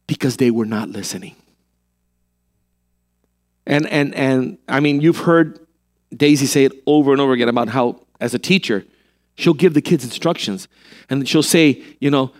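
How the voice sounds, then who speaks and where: A man preaching a sermon as a pastor, animated and full of rhetorical questions. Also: mid-range voice, moderate pace, long pauses.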